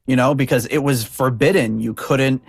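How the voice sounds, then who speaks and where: A man's voice: medium pitch, moderate pace, creaky, breathy edge, dry recording, studio quality. A man co-hosting a podcast, chatting loosely about song lyrics with many fillers and restarts. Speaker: podcast co-host.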